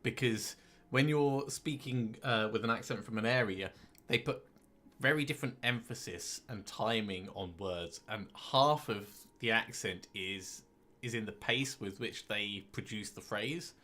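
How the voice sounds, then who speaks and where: A man's voice: fairly low pitch, measured pace, sharp tone. A man in casual, playful chat while playing a video game, laughing easily. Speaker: gaming host.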